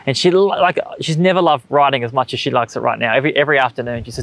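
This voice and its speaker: A man's voice: mid-range voice, animated, quick pace, hardly any pauses, fairly bright tone, no room sound. A man in his thirties with an Australian accent, preaching a sermon in a conversational, earnest way with everyday stories. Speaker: pastor. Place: church stage.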